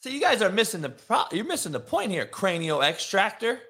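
A man hosting a live morning stream, ranting profanely and confrontationally, mocking and shouting at his chat. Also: high voice, very animated, a little fast. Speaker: live show host. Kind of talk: brash live-stream rant.

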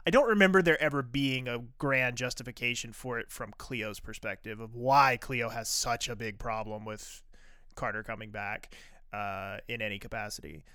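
Bright, crisp-voiced man recapping casually. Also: medium pitch, fairly even intonation, normal speed, no echo, clean studio sound. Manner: rambling, frequent "uh" fillers and restarts. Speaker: podcast co-host recapping episodes. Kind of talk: casual podcast chat.

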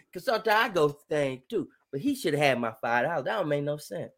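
A man hosting a casual podcast chat, telling animated stories and slipping into exaggerated voices. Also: on the high side. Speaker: podcast host.

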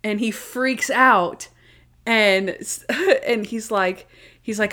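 A woman's voice: mid-range voice, fairly even intonation, unhurried, fairly bright tone. Woman, casual chat host, playful, acts out quotes.

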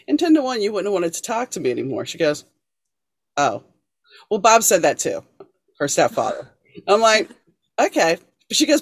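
A woman hosting a podcast, telling stories calmly and measuredly but animated when she quotes others. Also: sits low, no room sound. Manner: storytelling, animated when quoting, calm and measured between quotes. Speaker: podcast host. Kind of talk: casual interview conversation.

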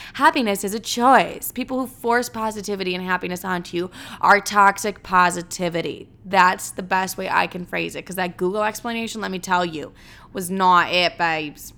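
Woman podcaster, clear smooth tone, loose profane chat. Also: medium pitch, bright, forceful tone. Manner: candid, profane, rambling. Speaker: podcast host. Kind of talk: casual solo podcast chat.

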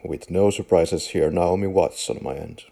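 Deep gravelly man on a film podcast. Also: normal speed, dark tone. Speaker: podcast co-host. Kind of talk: casual film chat.

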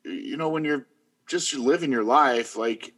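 A man's voice: medium pitch, unhurried, fairly bright tone. A middle-aged man telling long, rambling stories in casual chat, full of fillers. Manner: rambling storyteller, many fillers.

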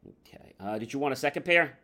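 A man's voice: mid-range voice, animated, fast talker, sharp tone. A man playing a nosy, eager shoe salesman. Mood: eager prying. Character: pushy prying male shoe salesperson.

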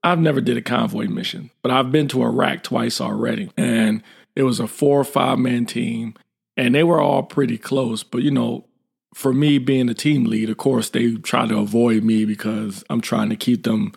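A gravelly-voiced middle-aged man shares an army story in a blunt, informal way. He keeps the telling lively and slips into the voices of the people in it. His pitch sits in a middling range. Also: normal speed. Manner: lively, acts out quoted dialogue. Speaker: military veteran guest. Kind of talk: casual storytelling.

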